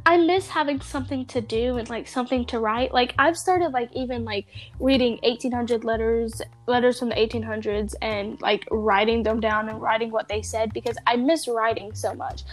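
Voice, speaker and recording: A woman's voice: fairly high pitch, steady tone, moderate pace. A young woman with a Southern US accent, chatting casually and rambling on a podcast. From American South. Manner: chatty, rambling with many fillers. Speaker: podcast co-host. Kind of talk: casual chat.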